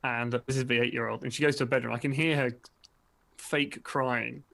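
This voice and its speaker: Give me a man with a gravelly voice telling a relaxed story over a video call. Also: medium pitch, brisk. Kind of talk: casual chat. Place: home.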